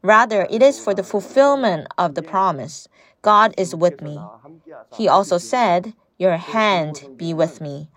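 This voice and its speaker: A woman's voice: fairly low pitch, expressive, measured pace, a bit bright. Woman preaching an earnest sermon. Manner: earnest, asks the listeners questions.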